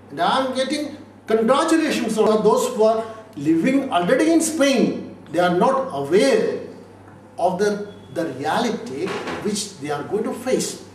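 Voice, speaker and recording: An Indian man with a very high voice, a lawyer being interviewed, gives emphatic answers full of repetition and rhetorical questions. He's recorded from a distance in an echoey room, with faint noise in the background.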